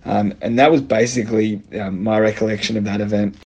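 Husky, low-voiced man recalling a story. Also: fairly even intonation, brisk, darkish tone, muffled recording. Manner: hesitant, with frequent fillers. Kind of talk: casual storytelling.

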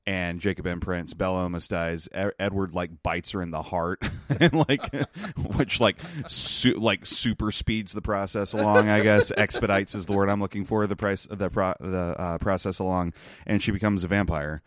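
A man's voice: deep voice, steady tone, moderate pace, no room sound, clean studio sound. A young man hosting a podcast, casually recapping a movie with rambling asides, frequent laughs and casual swearing. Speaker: podcast host.

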